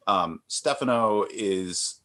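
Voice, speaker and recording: Low-voiced man chatting in an interview. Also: slow pace, sharp tone. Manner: rambling, self-deprecating, many fillers and restarts. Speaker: comic artist guest. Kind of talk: relaxed conversational interview.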